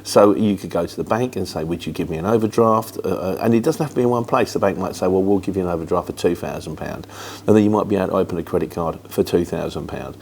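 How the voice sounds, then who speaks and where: A middle-aged Englishman with a London-influenced Luton accent casually answers viewer questions in a chatty, rambling, matter-of-fact way. He talks fast in a low voice with a darkish tone, over slight background noise.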